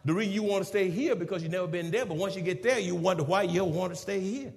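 A man preaching to his church, swinging from shouted praise to quick teaching asides. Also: high voice, big-room sound. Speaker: pastor. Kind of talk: sermon.

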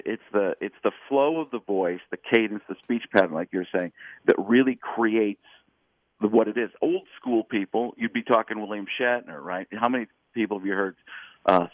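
A middle-aged man calling in to chat, his voice thin and phone-like with no room around it. He talks in halting bursts, restarting his sentences and slipping into quick impressions. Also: lowish voice, dry recording. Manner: explains voices in stops and starts, drops into quick impressions. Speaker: comedian guest. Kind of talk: casual chat. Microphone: phone call-in. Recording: tinny phone line.

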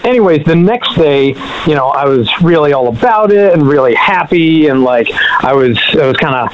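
A man's voice: on the high side, animated, normal speed, dull audio, noisy background. A man calling in to a radio talk show, telling his story in a hesitant, rambling way with lots of fillers. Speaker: caller. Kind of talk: call-in radio chat.

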